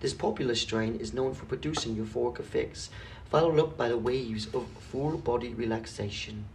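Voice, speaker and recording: A man's voice: medium pitch, normal speed. A young man in casual chat, laid back and joking with a friend. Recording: distant mic, faint hiss.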